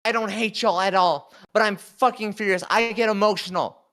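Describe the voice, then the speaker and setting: A man's voice: high voice, steady tone, brisk, fairly bright tone. A young man, a crew member of a talk show, confronting the hosts in an emotional, heated argument, full of swearing and outbursts.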